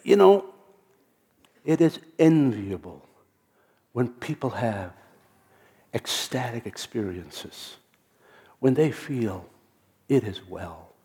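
A man preaching, telling a story in a halting way, often repeating words and dropping to a near whisper for quoted lines. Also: mid-range voice, lively intonation, warm tone. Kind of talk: storytelling sermon.

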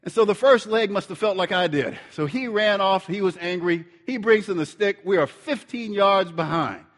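A middle-aged man preaching, telling a lively story and acting out the dialogue. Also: sits high, moderate pace, long reverb tail. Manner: animated storyteller, acts out dialogue. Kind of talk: storytelling sermon.

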